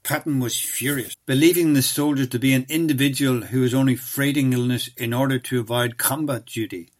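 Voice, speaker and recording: A man reads documentary narration from a script. His delivery is measured and even, and his voice sits at an ordinary middle pitch for a man.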